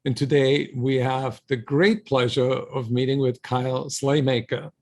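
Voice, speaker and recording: A man's voice: mid-range voice, steady tone, a little slow, darkish tone. Man introducing a guest. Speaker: show host. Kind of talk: interview introduction.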